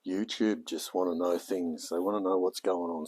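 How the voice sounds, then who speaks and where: A man's voice: deep voice, steady tone, normal speed, a little mellow, breathy edge. An Australian man with a joking manner, chatting casually and muttering to himself as he streams his hobby car repair. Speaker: hobby mechanic and live streamer. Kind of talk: casual live-stream chat while working.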